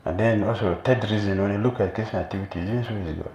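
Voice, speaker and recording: A man monk giving a sermon as an animated storyteller, recorded in a temple hall. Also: lowish voice, rapid-fire. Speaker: monk preacher. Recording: echoey room, faint noise.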